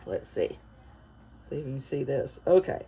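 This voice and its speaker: A middle-aged woman with a Southern US accent, chatting casually to camera as a vlogger, folksy and quick to laugh. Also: very deep voice, big pitch swings, dark tone, a little hiss or hum. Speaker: vlogger reviewing a Bible study.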